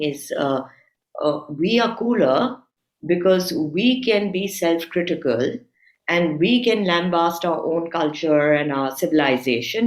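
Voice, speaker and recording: Lady making her case in a talk show, low voice, kinda echoey room. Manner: assertive, rising emphatic when arguing. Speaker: guest commentator. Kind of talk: opinionated talk-show conversation.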